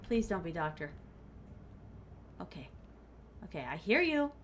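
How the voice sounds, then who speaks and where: With a fairly bright, medium-pitched voice that swings widely, she talks a little slowly and pauses often. This VTuber keeps up casual, playful gaming-stream chat with her "my starlings," giggling, dropping Japanese phrases, and saying "like" over and over.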